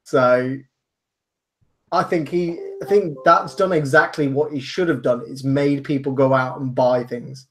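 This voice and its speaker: A man from England giving his view in a casual panel chat, measured and hesitant with frequent ums. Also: mid-range voice, fairly even intonation, fairly bright tone. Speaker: panel guest.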